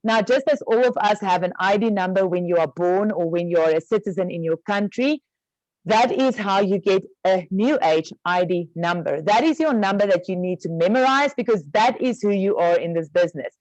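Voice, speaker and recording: A woman's voice: medium pitch, expressive, normal speed, darkish tone, no room sound, lo-fi sound. A woman explaining business terms step by step on an online training call, casual with many fillers. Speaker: network marketing trainer.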